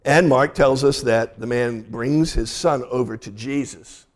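A man, a pastor, delivering a sermon and retelling scripture in a lively storytelling way. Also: mid-range voice, unhurried.

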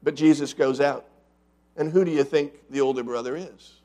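A man preaching a sermon as pastor, asking his congregation rhetorical questions and swinging between loud emphatic lines and quiet asides. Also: a little high, fairly even intonation, normal speed.

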